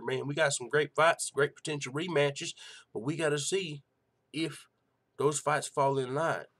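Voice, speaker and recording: A man hosting a casual live-stream show and reading out chat, talking in a profane, excitable way full of rhetorical questions. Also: a little high.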